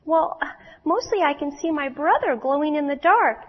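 A woman's voice: high voice, lively intonation, normal speed, in a large hall, dull audio, pitched above the performer's own voice. A woman voicing a small, shy young male firefly in a storybook read-aloud, speaking timidly and hesitantly.

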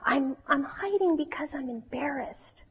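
A woman's voice: extremely high pitch, sing-song, unhurried, long reverb tail, dull audio, pitched above the performer's own voice, exaggerated voice. A woman voicing a small, shy young male firefly in a storybook read-aloud, speaking timidly and hesitantly. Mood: embarrassed.

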